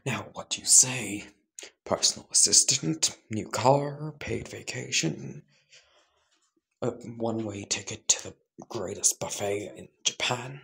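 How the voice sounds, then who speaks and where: Man doing a fat scheming crime boss, whispered role-play, slow coaxing whisper, bright edge. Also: mid-range voice, creaky, breathy edge, full character voice. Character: fat scheming male crime boss, older, smooth-talking.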